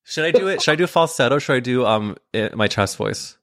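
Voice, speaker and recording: A man's voice: mid-range voice, expressive, a little fast, a bit bright, no echo, clean studio sound. A man hosting a podcast in casual, playful chat, often laughing and acting out little scenes. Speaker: podcast host.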